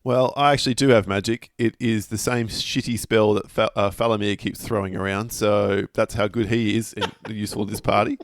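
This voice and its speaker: A man's voice: fairly low pitch, steady tone, brisk, hardly any pauses, no echo. A man playing in a tabletop game, grumbling in dry banter.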